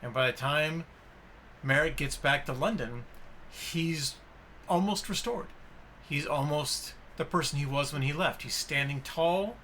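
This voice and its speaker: A man hosts a casual film podcast, his voice bright and forward. He retells scenes with animated enthusiasm, acting out bits of dialogue. Faint hiss sits under the recording. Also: a little high, measured pace. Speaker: podcast host.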